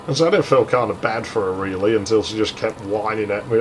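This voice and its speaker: A man's voice: on the low side, fast, slight background noise, poor audio. A young man casually telling a crude story over gameplay, rambling and swearing freely. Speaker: gaming channel host.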